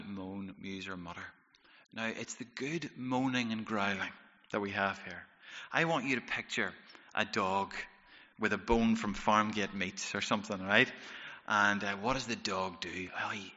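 A man preaching a sermon with a very bright, forceful voice. He tells stories in a lively way and rises into loud bursts. His voice rings through a large hall with a long echo, and the sound is a little muffled. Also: medium pitch. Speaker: pastor. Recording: reverberant hall, slightly dull sound.

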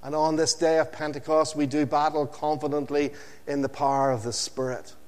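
A man preaching an evening sermon, slow and emphatic, with dramatic pauses and phrases that sink low and quiet at the end. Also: flat delivery, in a large hall.

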